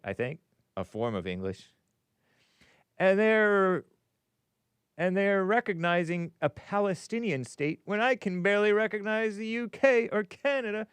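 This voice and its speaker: A man's voice: on the high side, clean tone, no echo. A man hosting a rambling commentary show, talking casually with a wry, sarcastic edge. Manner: laughs at his own remarks. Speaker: host.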